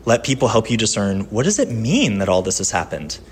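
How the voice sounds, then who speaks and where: Animated male pastor preaching. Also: on the low side, brisk, breathy edge. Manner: conversational, personal storytelling with shifts from lively to hushed. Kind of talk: sermon.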